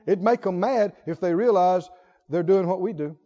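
Slow high-voiced preaching man. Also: dark tone, in a large hall, lo-fi sound. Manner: slow, drawn-out preaching with sung phrases and call-and-response. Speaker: pastor. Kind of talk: sermon.

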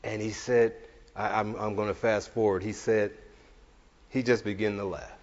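A male preacher delivering a sermon. He swings between emphatic, shouted declarations and relaxed, chatty storytelling. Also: on the low side, moderate pace. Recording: reverberant hall, dull lo-fi sound.

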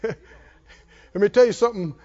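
A man's voice: high-pitched, moderate pace, darkish tone. A man preaching a sermon, emphatic with call-and-response and chuckling asides, in a dull lo-fi recording.

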